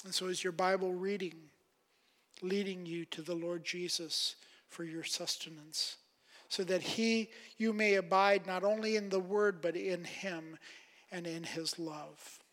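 A man preaching a sermon, emphatic, rising on quoted questions and dropping soft at phrase ends. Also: high voice, fairly even intonation, measured pace. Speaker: pastor. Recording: long hall reverb.

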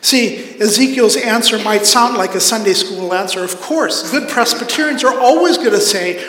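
A man's voice: high voice, normal speed, few pauses, pushed and bright. A man preaching a sermon as pastor, earnest, acting out the voices in the scripture he reads. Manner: earnest, acts out voices of God and prophet. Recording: echoey hall.

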